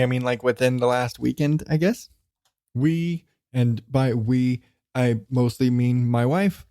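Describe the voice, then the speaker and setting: A man's voice: a little high, mellow. A man hosting his own podcast alone, rambling casually, swearing freely and chuckling between thoughts. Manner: rambling, profane, chuckling often. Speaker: podcast host. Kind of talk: solo casual podcast monologue.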